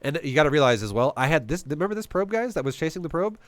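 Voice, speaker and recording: A man's voice: a little high, sing-song, rapid-fire, dry recording. A man giving casual, profane gameplay commentary, blunt and joking as he explains strategy. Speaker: game commentator.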